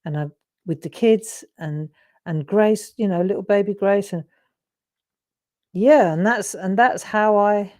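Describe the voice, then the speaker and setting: A woman's voice: mid-range voice, measured pace, long pauses, a little mellow. A middle-aged woman, chatting in a rambling, self-interrupting way as she hosts a live drawing demonstration. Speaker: craft demonstrator and host. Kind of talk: casual chat while drawing live.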